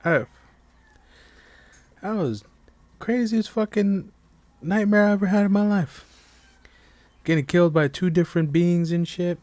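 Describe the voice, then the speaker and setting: His voice sits high and a little mellow, and he moves at a measured pace with long pauses, in a recording without echo. He's a man hosting a casual live stream podcast from home late at night while others sleep, rambling, restarting with stammers, and swearing heavily.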